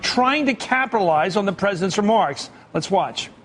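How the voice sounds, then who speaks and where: A man hosting a TV news panel, incredulous and mocking, firing off quick remarks. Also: high voice, animated, a bit bright, slight background noise. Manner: incredulous, mocking, rapid-fire. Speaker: cable news host. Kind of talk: TV panel commentary.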